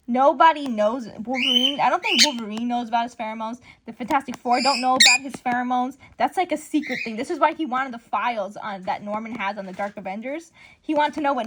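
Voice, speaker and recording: A woman in casual commentary, excitedly recapping a comic book story and acting out the characters' lines. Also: fairly high pitch, heavy background noise. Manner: excitable, exclaims often, acts out characters' lines.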